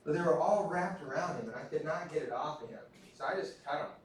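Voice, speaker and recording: A man's voice: a little high, animated, fast talker, a little hiss or hum. A man from Texas, lecturing a class in a casual, self-deprecating storytelling way. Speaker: instructor. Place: large echoey classroom. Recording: echoey classroom from far off.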